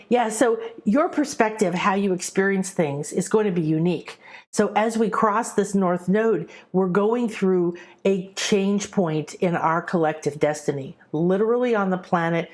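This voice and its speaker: A middle-aged woman, a spiritual teacher, giving a chatty, animated spiritual talk to a live audience and acting out quoted voices. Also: on the low side.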